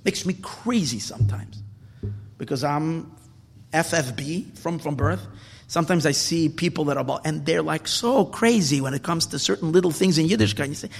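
A man teaching a Torah class as a sermon, swinging from loud emphatic bursts to hushed near-whispers. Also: a little high, lively intonation, moderate pace, vocal fry, breathy edge, in a large hall.

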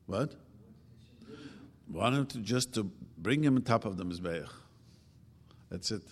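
An older man giving an informal religious talk, chatting casually and acting out quoted speech with sudden jumps in pitch. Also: animated, a little slow. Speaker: religious teacher. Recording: long hall reverb.

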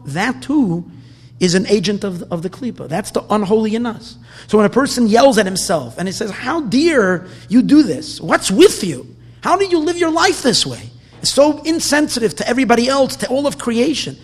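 A man giving an impassioned sermon, moving from soft, quiet stretches to loud, emphatic bursts and often repeating words. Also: high voice, slightly rough. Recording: long hall reverb.

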